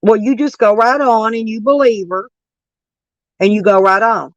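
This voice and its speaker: Brash, profane woman with an allergy-rough voice. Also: fairly high pitch, moderate pace, dry recording, muffled recording. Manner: brash, profane, argues with chat. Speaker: livestream host reading chat. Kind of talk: casual livestream rant.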